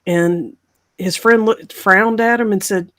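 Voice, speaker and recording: Animated woman telling a story. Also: mid-range voice, takes it slowly. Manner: animated, acts out voices in the story. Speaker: podcast host. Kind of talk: casual storytelling.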